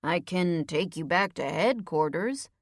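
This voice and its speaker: A woman reading an audiobook, voicing a big, stoic male highway patrolman who speaks slowly in short, clipped lines. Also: dry recording, studio quality. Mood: steady, terse. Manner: slow, clipped, steady delivery. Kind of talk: audiobook character voice.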